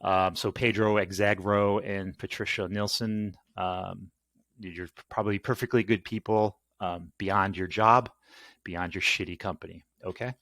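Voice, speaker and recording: A man's voice: low voice, fairly even intonation, measured pace, a bit bright, no echo. A man ranting casually and at length, exasperated and swearing, rambling through a complaint. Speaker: channel host.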